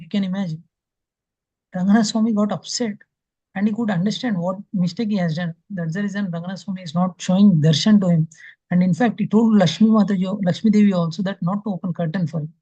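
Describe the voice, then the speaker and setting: A man's voice: sits high, mellow, slightly rough, no echo. A man, teaching an online scripture class and telling a devotional story with acted-out quotes and many fillers. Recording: dull lo-fi call audio.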